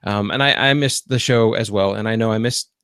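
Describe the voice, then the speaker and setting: A man's voice: on the low side, a little fast, fairly bright tone, clean tone, dry recording, studio quality. A male podcast host, a computer repair business owner, talking in a loose, rambling way with lots of fillers and restarts. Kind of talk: casual podcast chat.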